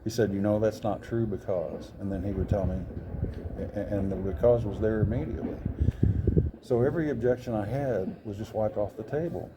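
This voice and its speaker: A man's voice: lowish voice, brisk, noisy background. A man in his sixties, an interview guest, telling a personal story in an earnest, rambling way with frequent self-corrections. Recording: crowd chatter behind.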